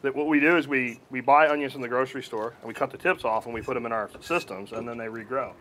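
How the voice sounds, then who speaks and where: A man's voice: mid-range voice, quick pace, fairly bright tone, a little hiss or hum. A man, co-hosting a cooking show and joking while he cooks, laughing often and telling stories with animation. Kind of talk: casual banter while cooking.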